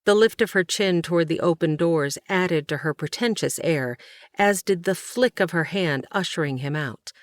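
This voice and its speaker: Casting: low-voiced woman narrator, slow measured reading, dry close mic. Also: no room sound. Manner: measured, even storytelling. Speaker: audiobook narrator. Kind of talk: scripted narration.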